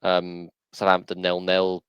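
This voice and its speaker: A man's voice: deep voice, monotone, unhurried, clean tone, lo-fi sound. A man co-hosting a casual podcast over a video call, rambling and opinionated with frequent restarts. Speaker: podcast co-host.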